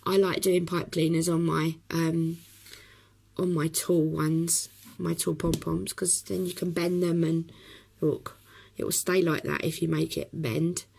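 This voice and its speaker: Brief: hoarse woman, chatty craft tutor, lowish gravelly voice. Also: little pitch movement, a little slow, a little mellow, rough recording. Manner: chatty, talks while working, many ums. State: hoarse from a cough.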